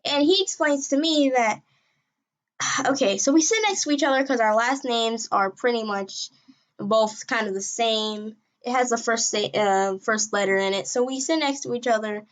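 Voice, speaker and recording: A woman telling a story from her school days in a casual, rambling way, with sudden excited jumps in pitch and loudness. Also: moderate pace.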